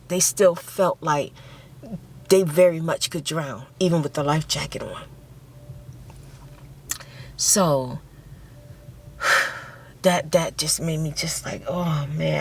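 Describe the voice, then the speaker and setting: A middle-aged woman telling a long story in a soft-spoken ASMR style, rambling and repeating herself for emphasis. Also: low-pitched, gravelly, a little hiss or hum. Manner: rambling and repetitive, emphatic retelling; drops to a whisper for quoted speech. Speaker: ASMR channel host.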